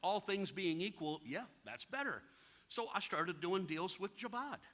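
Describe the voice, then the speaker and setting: At a real estate investing seminar, a man whose voice sits high and sounds fairly bright talks in an animated way at a measured pace. Plain-spoken, he addresses the audience directly and acts out his stories.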